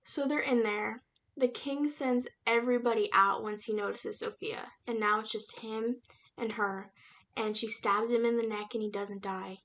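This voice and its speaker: A woman's voice: on the high side, normal speed. Chatty young woman reviewing a book. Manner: chatty, animated retelling with slang and fillers. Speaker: book reviewer and aspiring writer. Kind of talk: casual book review vlog.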